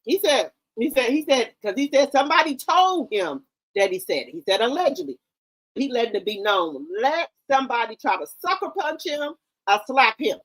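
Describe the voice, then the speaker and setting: Woman gossip host, high and very animated, profane and theatrical, AAVE speech. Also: moderate pace, rough recording. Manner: animated, profane, dramatic retelling. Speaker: commentary channel host. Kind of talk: casual gossip commentary.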